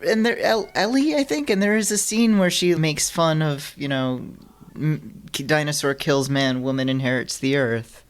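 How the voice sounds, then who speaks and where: A woman's voice: sits low, normal speed. A woman hosting a podcast, dry and sarcastic, with blunt comebacks. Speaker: podcast host. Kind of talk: casual podcast chat.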